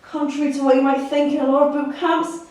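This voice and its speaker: A woman's voice: high-pitched, flat delivery, a little fast, darkish tone. A woman fitness instructor guiding a core workout, counting reps aloud and encouraging the listener. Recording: echoey room, mic at a distance.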